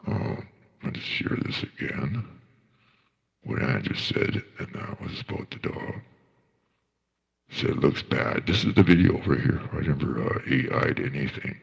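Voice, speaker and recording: A man's voice: very deep voice, lively intonation, unhurried, creaky, husky, big-room sound, muffled recording. A man doing casual livestream reaction commentary, ranting in a profane, indignant way.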